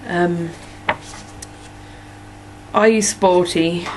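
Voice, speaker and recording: This vlogger from Norfolk, England, has a lowish, darkish voice with fairly even intonation and drawn-out words, and she speaks with an English accent. She answers follower questions in a chatty, rambling way, full of "like" and "um." Faint music plays behind her on the poor audio.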